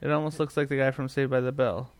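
A man's voice: medium pitch, flat delivery, quick pace, a crowd in the background. Easygoing man in casual tech chat. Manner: chatty, easygoing, trailing off mid-thought. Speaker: podcast co-host.

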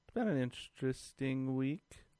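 A man's voice: medium pitch, expressive, measured pace, dark tone, clean tone, dry recording. A man co-hosting a tech podcast, rambling casually with dry jokes. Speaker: podcast co-host. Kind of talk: casual chat.

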